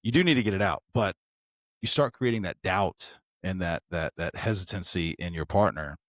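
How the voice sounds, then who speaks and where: Low-voiced man giving earnest advice. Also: normal speed, dry recording, studio quality. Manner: earnest, reflective, with frequent restarts. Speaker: podcast co-host. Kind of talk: candid casual chat.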